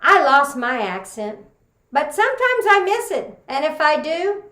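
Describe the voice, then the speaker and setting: A woman's voice: high voice, big pitch swings, unhurried, sharp tone, reverberant. A woman from Texas giving a humorous contest speech, telling stories full of folksy sayings. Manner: folksy storytelling with Southern sayings. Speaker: contest speaker.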